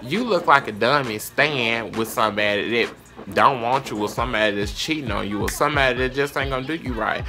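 Young Southern US guy vlogging, sassy and foul-mouthed, mid-pitched, music under him. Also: a little fast. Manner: brash, profane, sassy and dramatic. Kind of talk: casual advice rant to camera.

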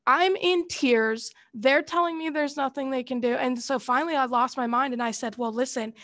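A high-pitched woman teaches a college class, drifting from the lesson into a fired-up personal story told in casual, slangy speech. The sound is close and dry, with no room echo. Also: moderate pace, fairly bright tone. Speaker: college instructor. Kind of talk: classroom lecture with a personal anecdote.

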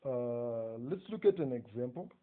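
A man with a Zimbabwean accent gives an English lesson on punctuation, dictating slowly and often checking with "okay?". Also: medium pitch, expressive. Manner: slow, dictating phrases, frequent "okay?" checks. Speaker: English teacher. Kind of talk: recorded exam-prep lecture. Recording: tinny phone-like audio.

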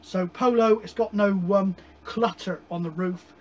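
A man casually chatting about his radio hobby, rambling with many pauses and digressions. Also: sits high, steady tone, a little mellow, poor audio. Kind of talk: casual chat.

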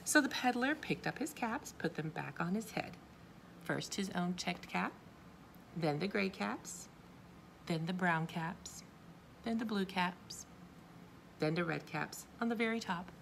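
A woman reading a picture book aloud to children, expressive and asking her young listeners questions. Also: fairly low pitch, measured pace, vocal fry, long pauses, background noise. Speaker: children's story reader.

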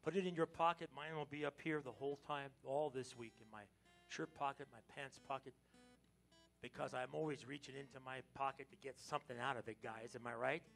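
An American man preaching a lively Palm Sunday sermon in church, joking with the congregation and breaking into sudden loud exclamations. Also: mid-range voice, a little fast, gravelly, faint music behind. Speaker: pastor. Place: church sanctuary.

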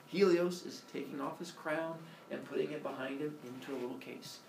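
A man telling a story to listeners in a lively, jokey way. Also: fairly high pitch, a little fast, creaky. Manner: animated, jokey retelling of myth. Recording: echoey room, distant mic, faint hiss.

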